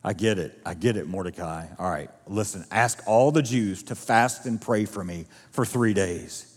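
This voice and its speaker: A male preacher voicing a young queen who quietly accepts a dangerous task. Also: on the low side, moderate pace, slightly rough, big-room sound, voice pushed down. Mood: resigned resolve. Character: brave young queen, woman, resolute.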